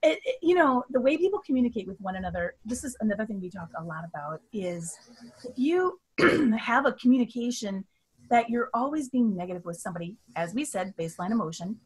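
A woman's voice: fairly high pitch, sing-song, fairly quick, breathy edge. A middle-aged woman, a guest on a talk show, telling stories about her daughter in a chatty, laughing way. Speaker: guest, mother of co-guest. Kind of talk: casual chat.

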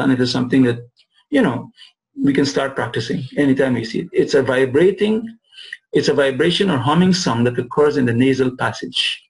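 Man teaching arabic grammar, gravelly voice, keeps asking "right?", stretches out the arabic words slow. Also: medium pitch, a little mellow, poor audio. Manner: repeats phrases and asks "right?" to check understanding; drawls Arabic words slowly to model pronunciation. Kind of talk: classroom lesson.

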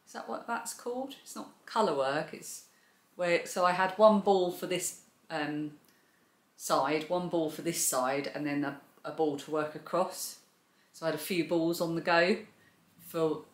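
A woman's voice: deep voice, fairly bright tone. Chatty woman, echoey room. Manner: chatty and enthusiastic, gushing about yarn. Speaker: crochet and knitting channel host. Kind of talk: casual show-and-tell vlog.

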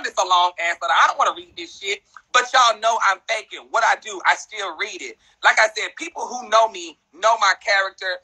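A man's voice: sits high, pushed and bright, slightly rough, low-quality recording. A man ranting bluntly and profanely on a phone livestream. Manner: blunt, profane, fast-talking rant. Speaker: social media personality.

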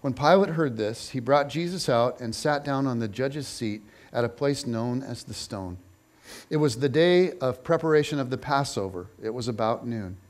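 A man reading a scripture passage aloud in an expressive, measured way. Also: mid-range voice. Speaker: scripture reader.

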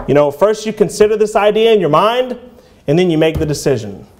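A man in his thirties delivers a sermon in a church, his voice sitting high for a man. He keeps it conversational, slipping in "you know" and "man" between passages of old-style scripture. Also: lively intonation, brisk. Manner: reads scripture aloud in King James English. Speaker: preacher.

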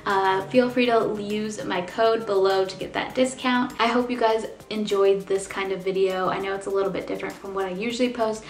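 A woman's voice: mid-range voice, steady tone, a little fast, hardly any pauses, roomy sound. A young woman with a slight lisp, chatting upbeat to her viewers in a sponsored product review. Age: young adult. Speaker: beauty vlogger.

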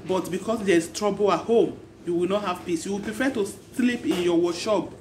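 A woman's voice: mid-range voice, normal speed, a little mellow, slight background noise. A woman with a Nigerian accent giving marriage advice in an impassioned, repetitive, pleading monologue.

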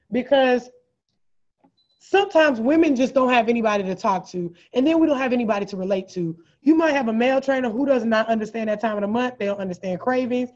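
A sassy woman trainer chats her tips straight to viewers in a fairly high voice. Her delivery is animated and playful, and the sound is dull and lo-fi, like a video call. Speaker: fitness trainer. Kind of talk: casual live tips talk.

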